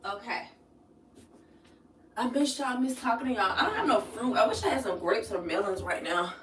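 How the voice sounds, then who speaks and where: A woman's voice: animated, moderate pace, a little hiss or hum. A woman hosting a casual livestream at home, chatting through her skincare routine, reading viewer comments aloud and laughing often. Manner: laughs often, bursts into high squeals. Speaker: livestream host.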